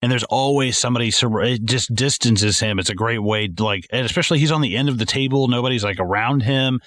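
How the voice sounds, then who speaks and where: A man co-hosting a podcast, chatting casually and excitedly about a film, swearing a lot and acting out lines from it. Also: mid-range voice, quick pace, dry recording, studio quality. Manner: animated, swearing, acts out movie lines in voices. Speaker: podcast co-host.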